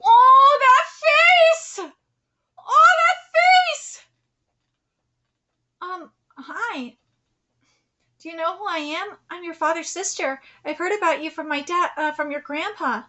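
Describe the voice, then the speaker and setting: A breezy, brash woman near thirty, the boy's aunt, read aloud by a woman. She jokes and talks loosely in a high, bright voice close to the reader's own. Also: moderate pace.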